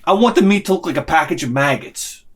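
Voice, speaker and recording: A middle-aged man riffs in a casual comedic monologue, ranting with real animation and acting out bits in other voices. His voice sits a little higher than most men's. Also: lively intonation, fast talker, slightly rough. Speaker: vlogger.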